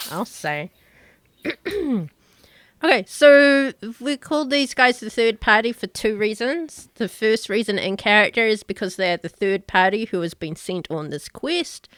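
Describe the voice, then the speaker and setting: A woman game master hosting her stream over an online call, bubbly and playfully bossy, quick to laugh. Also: mid-range voice, lively intonation, a bit bright, no room sound, clean studio sound. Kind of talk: casual stream chat, introducing players.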